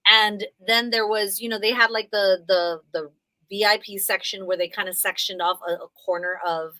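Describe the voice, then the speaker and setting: A woman's voice: mid-range voice, normal speed, low-quality recording. A woman in her thirties co-hosting a casual chat, telling a story and acting out the people in it. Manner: animated, acts out quotes in other voices. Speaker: co-host.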